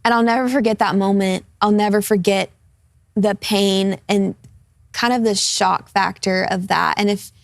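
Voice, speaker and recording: Young woman with a light vocal fry. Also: medium pitch, fairly even intonation, moderate pace, no echo. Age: 20s. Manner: earnest, open, laughs easily in light moments. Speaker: guest. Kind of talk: personal testimony on a talk show. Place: television studio.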